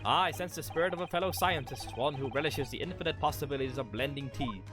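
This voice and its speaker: A man with an Irish accent reading game dialogue aloud as a pompous, eccentric male gentleman detective, in grandiose, drawn-out theatrical speech. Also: a little high, music in the background, lightly acted.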